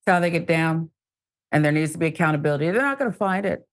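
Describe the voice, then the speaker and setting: A woman co-hosting a news show, reading stories and adding sarcastic, animated asides. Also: deep voice, quick pace. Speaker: news co-host.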